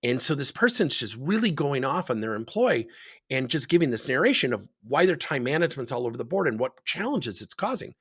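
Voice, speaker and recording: His mid-range voice has a breathy edge, and he talks briskly to camera. The leadership coach shares workplace stories about coaching, animatedly performing the dialogue.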